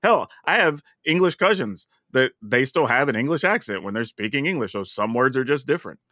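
A Southern US man co-hosts a casual podcast, telling a story with wide pitch swings, lively intonation, and a fairly quick pace. He's chatty, often laughing mid-thought, with a bright, forceful tone. The recording is close and dry, with no room echo.

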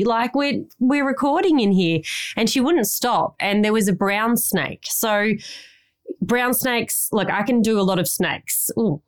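A woman's voice: medium pitch, smooth. An Australian woman podcast host, rambling through a long story in casual chat and swearing now and then.

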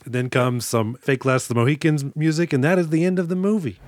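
A man's voice: fairly high pitch, quick pace, noisy background. A man co-hosting a casual podcast, joking around and acting out movie lines. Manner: jokey, acts out movie quotes with laughs. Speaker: podcast co-host. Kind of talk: casual chat.

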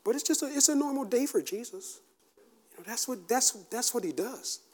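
Animated high-voiced male preacher. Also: moderate pace. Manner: animated, shouts out acted quotes; casual, conversational with fillers and restarts. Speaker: pastor. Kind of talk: sermon.

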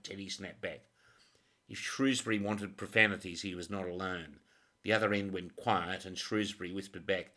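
A man reading a crime novel as scripted audiobook narration, measured and dramatic. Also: low-pitched, steady tone, sharp tone.

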